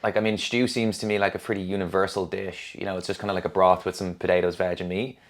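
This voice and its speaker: A man's voice: low-pitched, flat delivery, fast talker. A young Irish man with a Dublin accent, a guest chatting casually and swearing now and then. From Ireland. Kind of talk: casual chat.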